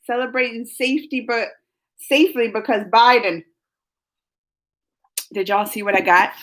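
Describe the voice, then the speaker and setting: Bright, high-voiced bubbly woman streaming. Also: moderate pace. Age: adult, mother of school-age kids. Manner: bubbly, laughs often, greets chat by name. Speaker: livestream host. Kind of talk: casual live-stream chat.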